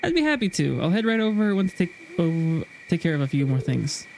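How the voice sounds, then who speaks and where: A man's voice: fairly high pitch, animated, brisk, warm tone, a little hiss or hum, poor audio. Guy reading an earnest kind young student from a game, reassuring and caring. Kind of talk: reading game dialogue aloud.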